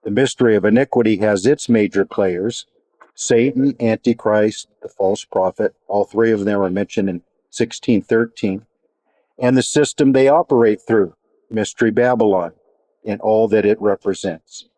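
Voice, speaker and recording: A man teaching a Bible study in a measured, reflective way, pausing and restarting as he explains. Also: on the low side, dark tone, no echo.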